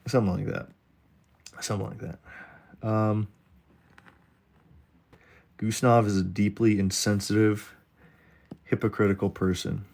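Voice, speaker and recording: A man's voice: on the low side, level tone, unhurried, creaky, pauses often, a little mellow. A man streaming live while he draws, rambling in a jokey way and talking straight to his chat. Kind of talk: casual livestream chat while drawing.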